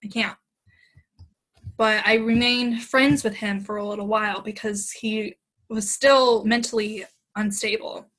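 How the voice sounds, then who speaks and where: A woman's voice: medium pitch, steady tone, unhurried, a bit bright, poor audio. A young woman, a podcast guest, retelling a bad date in casual chat, acting out quoted lines and laughing often.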